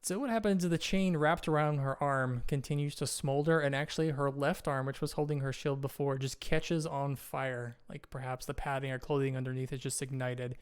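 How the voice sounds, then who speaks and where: A man running a tabletop game as game master, narrating the action and checking rules in a steady, descriptive way. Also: mid-range voice, moderate pace, hardly any pauses, clean tone.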